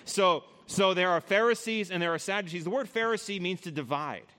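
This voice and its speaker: A man with a somewhat high voice preaching a sermon. He talks in an easy, conversational way and often turns straight to his listeners. He is earnest, and his voice drops soft and low when he offers comfort. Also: brisk. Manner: conversational, addresses listeners directly. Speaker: pastor.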